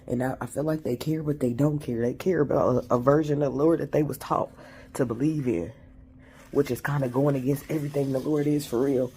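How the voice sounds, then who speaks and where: Gravelly-voiced man venting about faith. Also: medium pitch, fairly even intonation, a little fast, warm tone. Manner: reflective, repetitive, street-slang religious talk. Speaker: vlogger. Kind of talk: emotional spiritual venting monologue.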